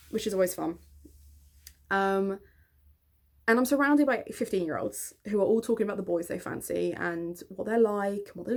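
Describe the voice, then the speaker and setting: A woman in her twenties chatting in a get-ready-with-me vlog, self-mocking and quick to laugh, talking to the camera at home. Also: mid-range voice. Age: 20s. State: hair still wet. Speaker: vlogger and author.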